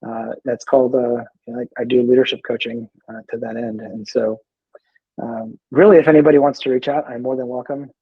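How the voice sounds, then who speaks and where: A man who is a veteran in recovery, a guest in a casual interview, talking in a halting, easygoing way with many repeated words. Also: medium pitch, steady tone, slightly rough, no echo, narrow, tinny audio.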